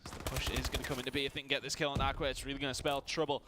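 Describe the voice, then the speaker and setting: Fast-talking male esports color commentator. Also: mid-range voice, little pitch movement, background noise. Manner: quick analytical color commentary.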